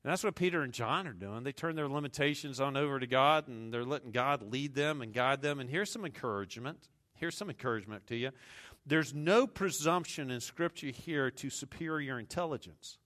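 A man's voice: medium pitch, fairly quick, fairly bright tone. A man from the American South with a Southern accent, preaching a sermon in a humorous, conversational way with asides to the congregation. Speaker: pastor.

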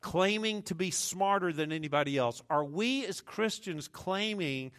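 Southern american man preaching, humorous conversational sermon, bright forceful voice, somewhat higher pitch. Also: animated, unhurried. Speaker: pastor.

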